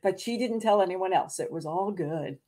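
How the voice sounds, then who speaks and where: A woman's voice: medium pitch, normal speed, dark tone. A woman hosting a casual interview, reacting briefly and asking questions. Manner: short reactions and laughs while listening. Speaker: host.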